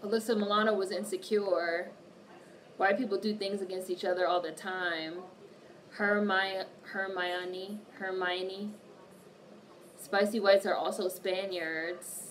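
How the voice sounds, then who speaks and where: A woman's voice: medium pitch, steady tone, a little slow. Woman livestreaming from a distant mic. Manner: reads viewer comments aloud and answers them, cursing freely. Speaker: livestream host. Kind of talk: casual livestream chat. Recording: distant mic with faint background noise.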